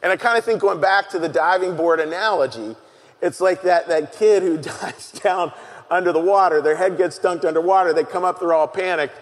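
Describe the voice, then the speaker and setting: A male pastor delivers a sermon in an earnest, halting way, pausing and repeating his key phrases. His voice sits a touch high for a man. The sound rings with a long reverb, as in a large hall.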